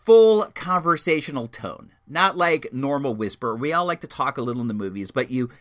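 A young man giving a casual, chatty movie review, telling stories in an animated way. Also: quick pace. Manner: animated, chatty storytelling with lively swings in pitch.

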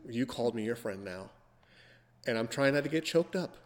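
A man's voice: medium pitch, animated, normal speed, in a large hall. Teasing man hosting a podcast. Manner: playful, teasing, theatrical. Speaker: podcast host. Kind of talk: casual podcast chat.

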